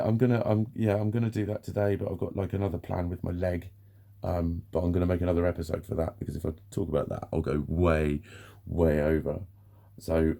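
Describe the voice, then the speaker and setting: A man's voice: low-pitched, gravelly, warm tone. A man in a candid vlog monologue, frank and ranting, swearing often as he vents. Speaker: vlogger.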